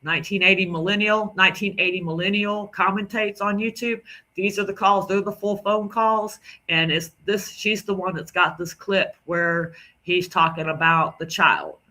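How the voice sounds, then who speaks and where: A man's voice: high-pitched, steady tone, normal speed, bright, forceful tone. A man talking casually to his viewers, rambling with restarts and self-corrections. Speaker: video creator. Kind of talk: casual direct-to-camera talk.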